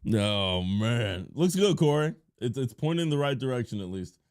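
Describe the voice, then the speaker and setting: A man streaming live, chatting casually with his chat and cracking crude jokes with sudden playful shouts. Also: medium pitch, big pitch swings, moderate pace, clear, resonant tone.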